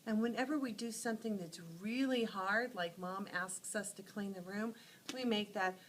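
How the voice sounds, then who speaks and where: A woman teacher telling short animal stories to teach letter sounds, acting out each sound with lively expression. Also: medium pitch, normal speed, a little hiss or hum, rough recording. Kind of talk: phonics lesson storytelling.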